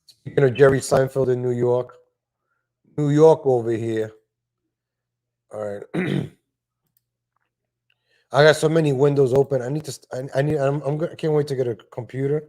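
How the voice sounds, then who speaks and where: A man's voice: mid-range voice, fairly even intonation, normal speed, long pauses, dark tone. Rambling male livestream host. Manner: rambling, frequent restarts and asides. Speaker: live stream host. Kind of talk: casual livestream rant. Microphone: home desk microphone.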